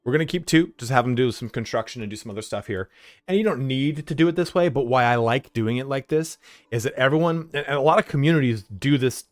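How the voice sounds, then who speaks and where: A medium-pitched male voice moves at a quick pace, recorded dry with clean studio sound. In casual live-stream talk about the strategy game he's playing at home, he swears freely and interrupts himself to issue commands to his dog.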